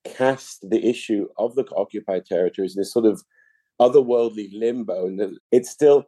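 A middle-aged man with a very dark, mellow voice answers interview questions at length. He is measured and explanatory, and often restarts a phrase. The sound is dry and close, with no room around it. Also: fairly low pitch, dry recording. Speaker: interview guest, political analyst.

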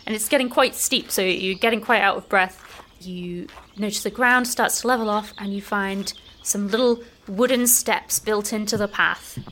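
A woman running a tabletop role-playing game, describing the scene to players in a relaxed way, full of "like" fillers. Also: medium pitch, moderate pace, slight background noise. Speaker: game master.

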